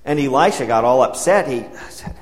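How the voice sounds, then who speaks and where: Man, preacher, conversational sermon storytelling, medium pitch, long hall echo. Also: lively intonation, normal speed. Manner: conversational storytelling with paraphrased dialogue. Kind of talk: sermon retelling a Bible story.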